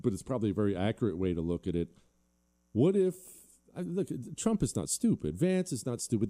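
Dark-voiced combative male talk host. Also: on the low side. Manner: combative, sarcastic, emphatic. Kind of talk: opinionated talk show monologue.

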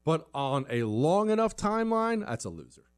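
Animated opinionated male host. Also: a little high, normal speed, smooth, no echo. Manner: animated, emphatic, repeats phrases with stumbles. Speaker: political commentary host. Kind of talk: opinionated monologue.

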